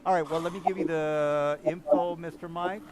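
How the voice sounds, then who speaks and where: A man running a tabletop game as game master, talking in halting runs with lots of fillers and restarts. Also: a little high, fairly even intonation, a crowd in the background. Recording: noisy online voice chat.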